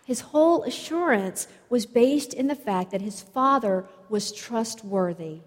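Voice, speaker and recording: A woman preaching a sermon, telling stories in a slow, measured way. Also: a little high, animated. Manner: slow, measured storytelling delivery. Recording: long reverb of a large hall.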